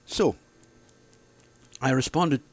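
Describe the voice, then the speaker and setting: A man's voice: medium pitch, very slow, dry recording. A man, delivering an angry, heated monologue to camera, sarcastic and swearing freely. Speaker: video blogger.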